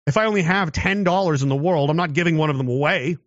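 A man talking casually and giving his opinion, swinging into loud mocking voices. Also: on the high side, fast talker, no room sound, muffled recording. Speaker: commentator.

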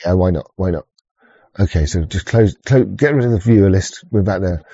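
A deep, husky, warm-toned man hosts a livestream at a fairly quick pace, rambling casually, swearing often, restarting and chuckling as he greets chatters. The audio is dull, with no echo.

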